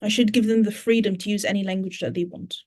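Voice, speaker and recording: A woman teacher trainer with a British English accent answers audience questions at an online conference, explaining things step by step with many fillers and restarts. Her medium-pitched voice is fast, darkish in tone, and fairly even in intonation.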